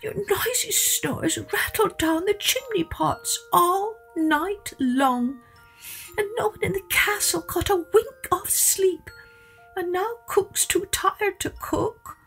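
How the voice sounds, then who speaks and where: A woman's voice: very high-pitched, lively intonation, slow pace, vocal fry, a bit bright, soft background music, pitched above the performer's own voice, heavily acted, rough recording. A woman voicing a tired, cross queen who whispers her complaints in a storybook. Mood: weary. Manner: whispered, frowning.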